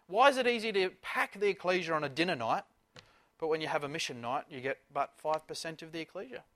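A man delivering a sermon in a fairly high voice. He preaches with fervour, pressing the congregation with rhetorical questions. He swings from loud emphasis to hushed asides. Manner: impassioned, rhetorical questions, big swings in loudness.

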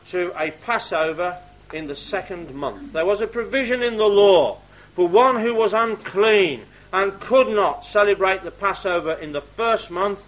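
High bright-voiced man preaching. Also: rough recording. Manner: reads scripture aloud in archaic wording, drops to quiet asides. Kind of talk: sermon with scripture reading.

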